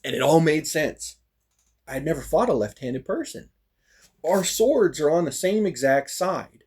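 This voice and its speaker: Husky man telling a casual story. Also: fairly high pitch, unhurried. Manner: animated, acts out quoted lines, frequent fillers. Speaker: storyteller recounting a fighting practice.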